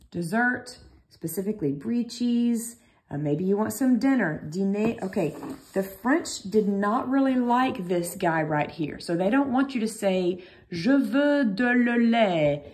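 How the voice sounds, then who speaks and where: A woman's voice: on the low side, darkish tone. A woman teaching a recorded French lesson, chatty and reassuring, thinking aloud as she explains.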